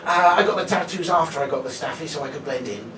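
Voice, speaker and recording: High-voiced man doing stand-up in an echoey room. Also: fast, over a noisy crowd. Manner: chatty, sweary, banters with the audience. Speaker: comedian. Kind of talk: live stand-up comedy. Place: small live comedy venue. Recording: echoey room, distant mic, loud ambient noise.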